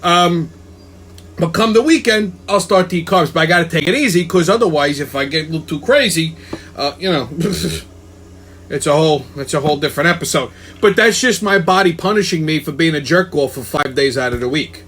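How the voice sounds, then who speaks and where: A man's voice: on the high side, brisk, fairly bright tone. A man hosting a comedic rant, cursing and repeating himself for emphasis. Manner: profane, emphatic, repeats words. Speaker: host.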